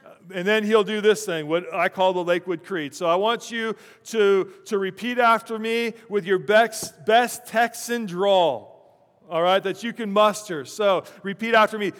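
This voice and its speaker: A pastor giving a conversational sermon, with chuckling asides, in a church sanctuary. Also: male voice, high voice, a little slow, fairly bright tone. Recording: long church reverb.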